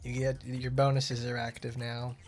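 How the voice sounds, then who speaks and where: A man's voice: mid-range voice, completely flat delivery, normal speed, soft background music. A man streaming a game and chatting casually, rambling with lots of fillers and blunt, profane asides. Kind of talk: casual gameplay commentary.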